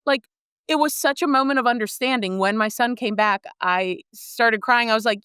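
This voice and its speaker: A woman guest on a podcast, telling a personal story in an earnest and expressive way. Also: a little high, normal speed, smooth, dry recording, studio quality.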